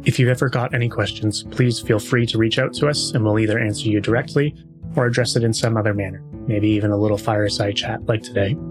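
Backed by music, a man narrates a tabletop game and chats casually as podcast host and game master. He speaks at a quick pace in a lowish voice with fairly even intonation, often dropping in filler sounds in an easygoing way.

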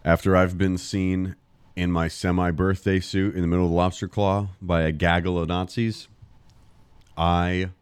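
Low smooth guy slowly spinning a silly story, deadpan. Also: dry recording. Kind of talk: casual crude chat with friends.

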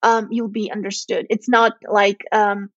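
A woman's voice: mid-range voice, little pitch movement, a little slow, no echo, dull audio. A young woman from southern Serbia with a Serbian accent, a native Serbian speaker, talking as a podcast guest in a hesitant way with many fillers and restarts. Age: young adult. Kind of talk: casual chat.

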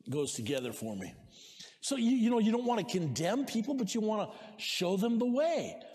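A male pastor preaching a sermon, exhorting the congregation, calling for amens and shouting at the peaks. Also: sits high, very animated, fairly quick. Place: church sanctuary. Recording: long reverb of a large hall.

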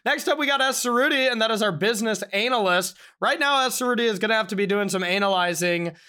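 Bright, clear-voiced young man joking around. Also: high-pitched, quick pace. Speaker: podcast co-host. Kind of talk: casual banter.

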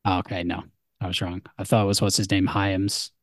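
A man's voice: low voice, level tone, a little fast, dry recording, clean studio sound. A man co-hosting a film podcast, rambling and self-mocking in casual chat. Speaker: podcast co-host.

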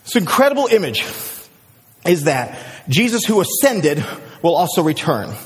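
Male pastor, high voice, animated sermon, long hall echo. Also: normal speed. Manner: animated storyteller, swings from excited shouts to hushed prayer.

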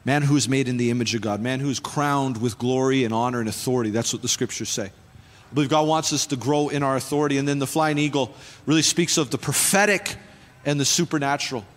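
A male pastor preaches a sermon in a church sanctuary, repeating phrases and building to fervent exhortation. His mid-range voice moves at a quick pace, and the recording has church hall reverb with faint music.

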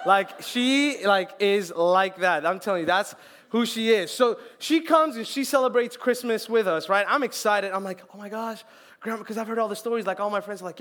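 A young man preaching a sermon as youth pastor, lively and joking, acting out little quotes. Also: sits high, a little fast. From Colombian family, raised in Florida.

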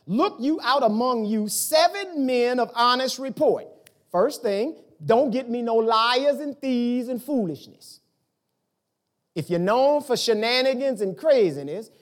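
A male pastor preaching a conversational sermon, with sudden rises and drops in loudness as he makes his points. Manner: conversational preaching with lively swings in pitch and volume.

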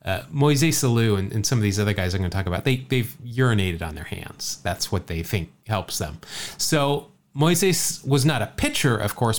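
A man hosting a laid-back podcast, telling a baseball story with lots of jokes. His pitch swings widely as he talks. He often repeats himself and restarts sentences. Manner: chatty, jokey, stumbles and repeats words. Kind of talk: casual podcast chat.

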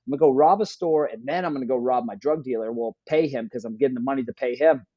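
A man's voice: mid-range voice, fast talker, no room sound, muffled recording. Plain-spoken man telling his story. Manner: casual, plain-spoken, many fillers. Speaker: guest. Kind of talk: candid personal storytelling.

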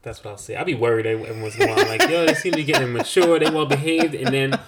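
A man's voice: mid-range voice, very fast, a loud crowd. A man in his thirties co-hosting a casual podcast, telling family stories with a lot of laughter and acted-out voices. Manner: animated storyteller, laughs often, acts out family moments. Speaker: podcast co-host. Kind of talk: casual chat.

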